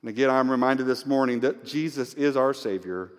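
A male pastor preaching an Easter sermon with scripture reading, emotional and swinging from hushed tones to near-shouting. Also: medium pitch, brisk. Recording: long hall reverb.

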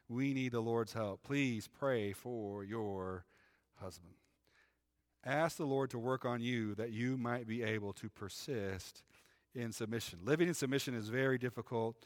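Male pastor, conversational sermon, mid pitch, long hall reverb, church sanctuary. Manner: conversational preaching with frequent "right?" asides.

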